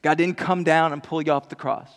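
A man preaching a sermon in a large room, impassioned, swinging from loud cries to hushed musing. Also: a little high, fairly even intonation, a little fast. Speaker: pastor. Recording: long reverb in a large hall.

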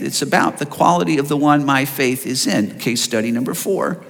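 A man preaching a sermon in an expressive way, asking his listeners rhetorical questions. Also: mid-range voice, moderate pace, creaky, in a large hall. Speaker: pastor.

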